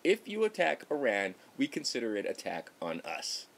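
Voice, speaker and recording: A man's voice: medium pitch, huge pitch swings, moderate pace, vocal fry, heavily acted. A man voicing a stern male Russian official in a clumsy mock Russian accent. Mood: warning.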